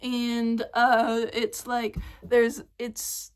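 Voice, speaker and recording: A young woman ranting excitedly in a casual fan vlog, rambling with lots of fillers and swearing. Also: fairly high pitch, very slow, smooth. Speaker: vlogger.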